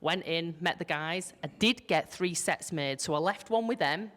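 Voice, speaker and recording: A woman from Yorkshire with a broad local accent and a fairly low voice tells a business story on a panel. She talks in a lively, unfiltered way, acting out what people said and swearing casually. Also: moderate pace. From Yorkshire, England. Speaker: panel guest, business founder.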